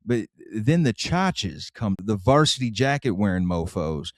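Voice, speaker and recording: A man's voice: lowish voice, very animated, unhurried, few pauses, no echo, clean studio sound. A man co-hosting a podcast, recapping episodes in a matter-of-fact way in casual chat. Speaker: podcast co-host. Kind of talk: casual chat, reading show notes.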